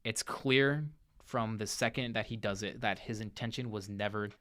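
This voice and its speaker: A young man hosting a movie review show, retelling a film's plot in a casual, animated monologue and briefly acting out the characters' lines. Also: lowish voice, normal speed. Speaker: podcast host reviewing movies.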